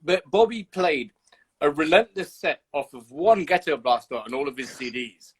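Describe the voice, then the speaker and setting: A man's voice: fairly high pitch, lively intonation, moderate pace, husky, rough recording. A man hosting a casual livestream chat over a video call, teasing his guest, swearing freely and telling stories with animation. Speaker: host.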